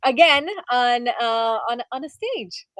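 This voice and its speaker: Female co-host, slightly high voice, dry sound, friendly. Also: moderate pace, fairly bright tone, no echo. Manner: friendly compliments to the guests. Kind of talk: casual on-air chat.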